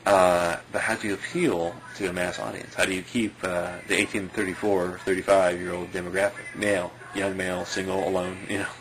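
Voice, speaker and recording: Male commentator, lowish voice, easygoing rambling chat full of asides. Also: level tone, fairly quick, few pauses, a bit bright, slight background noise, poor audio. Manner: rambling, heavy on fillers, chuckles often. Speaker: video commentator.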